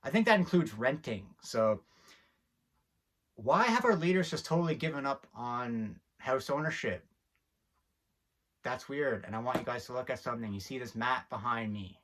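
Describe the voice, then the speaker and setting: A man's voice: medium pitch, expressive, moderate pace, long pauses, fairly bright tone. A man hosting a video, giving a heated, preachy commentary straight to camera and getting worked up as he talks. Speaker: video host.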